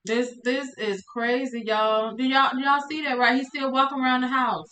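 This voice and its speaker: A woman's voice: sits high, steady tone, moderate pace, few pauses, pushed and bright, echoey room, poor audio. A woman streamer commentating a life-sim game live, exasperated and laughing as she talks to her chat.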